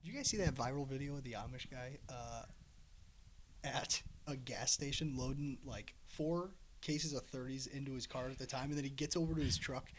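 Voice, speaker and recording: A man co-hosting a comedy podcast, chatting casually and throwing in quick questions. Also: medium pitch, fairly even intonation, slight background noise. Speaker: podcast co-host. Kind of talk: casual chat.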